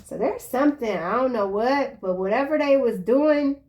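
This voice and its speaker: A woman giving a casual tarot reading in a chatty, slangy way, breaking into excited exclamations. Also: a little high, normal speed, a little hiss or hum. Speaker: tarot reader.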